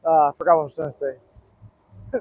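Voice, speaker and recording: Walking and breathless, this man, a manifestation coach, spins meandering stories full of fillers during a casual live talk. His voice is on the high side, with fairly even intonation at a normal speed, recorded through dry, tinny, phone-like audio.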